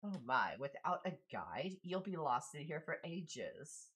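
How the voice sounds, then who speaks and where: A man voicing a gentle, polite young woman who lives by a desert oasis, speaking in an old-fashioned way. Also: fairly high pitch, very animated, unhurried, husky, heavily acted. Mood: courteous.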